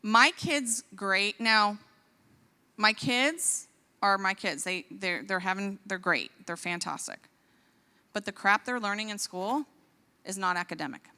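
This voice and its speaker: A woman in her forties, a physician, giving an impassioned talk at a church, indignant and animated, her voice rising to exclamations. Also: mid-range voice, unhurried, clean tone. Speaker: physician speaker. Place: large church hall. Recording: long hall reverb.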